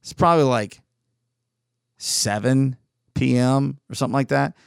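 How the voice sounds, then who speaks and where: A man's voice: medium pitch, unhurried, vocal fry, clean tone, no room sound, clean studio sound. A man talking in a casual, rambling monologue, exasperated and full of restarts.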